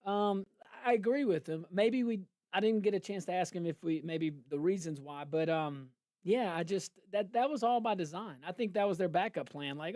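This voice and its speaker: A man's voice: high voice, animated, brisk, a little mellow, no echo, clean studio sound. A man hosting a political talk show, emphatic and incredulous, bantering and laughing with his co-host.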